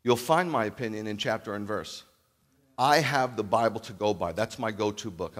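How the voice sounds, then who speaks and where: A man preaching a sermon as a rabbi, animated, acting out loud calls and then dropping to a hushed voice. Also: mid-range voice. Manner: animated, acts out calls and shouts, then drops to near-whisper. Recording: long hall reverb.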